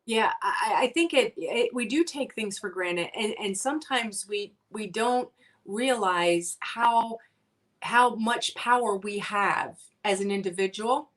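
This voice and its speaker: A woman's voice: medium pitch, measured pace, a bit bright, far from the mic. A woman guest talking earnestly in a casual conversation, with many ums and restarts. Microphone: video call.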